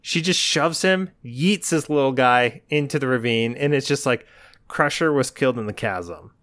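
A man's voice: medium pitch, moderate pace. A male podcast co-host in casual chat, recounting a story with growing animation. His voice sits in a middle register. The sound is dry and close, with no room echo. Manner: animated, acts out his own side of the story.

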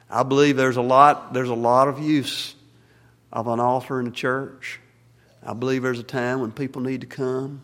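A male Baptist pastor preaches a sermon and closing prayer in a church sanctuary, speaking plainly and folksily with fillers and restarts. His voice is medium-pitched, trailed by a long reverb.

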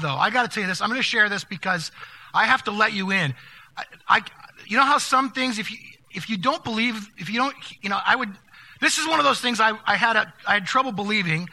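An older man preaching a sermon, telling stories in a conversational way with many restarts, going quiet at the sad moments. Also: sits high, animated. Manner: conversational, halting with restarts, drops to hushed tones for sad moments. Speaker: pastor. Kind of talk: sermon storytelling.

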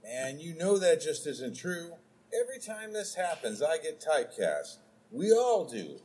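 A man's voice: a little high, sing-song, a little slow, a little mellow, a little hiss or hum. A man playing a grumpy, stubborn actor in a comedic audio play, grumbling in casual slang. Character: grumpy stubborn male actor, sick of typecasting.

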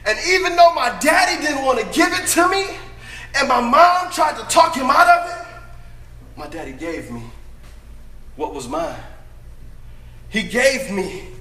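A man performing a dramatic first-person monologue as a brash, boastful young prodigal son, emphatic and often shouting. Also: very high-pitched, reverberant, a little hiss or hum, full character voice.

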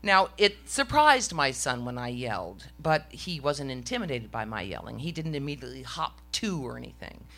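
Bright-voiced woman telling a wry story. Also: very deep voice, very animated, moderate pace, few pauses. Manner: wry, self-mocking comic delivery. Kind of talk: live stage storytelling. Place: stage before a live audience.

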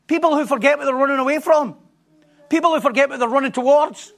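A man preaching a sermon, telling a story with animated repetition and stumbling restarts. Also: extremely high pitch, quick pace.

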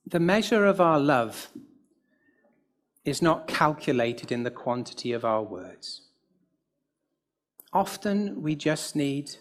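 A middle-aged man from the United Kingdom preaching a sermon in a gentle, pastoral way, with a light humorous aside. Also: mid-range voice.

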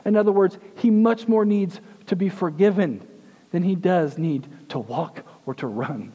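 A man in his thirties preaches with intensity, dropping to near-hushed tones and rising to emphatic peaks. His voice sits a little high but sounds mellow and husky. A long reverb trails after him, as in a large hall. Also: moderate pace, muffled recording. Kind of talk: sermon.

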